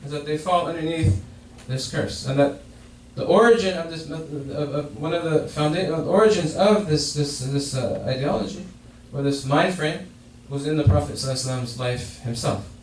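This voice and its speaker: A man's voice: a little high, moderate pace, hardly any pauses. A man giving a Friday sermon in a mosque, explaining a hadith and often repeating and restarting his phrases. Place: mosque prayer hall. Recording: echoey hall, distant mic, faint noise.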